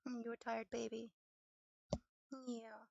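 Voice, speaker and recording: A young woman with a fairly high, creaky voice, chatting casually at her desk at home and cooing baby talk at her dog. The sound is dry and close, with no room echo. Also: completely flat delivery, takes it slowly, a little mellow, lo-fi sound. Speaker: streamer. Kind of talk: casual chat while studying.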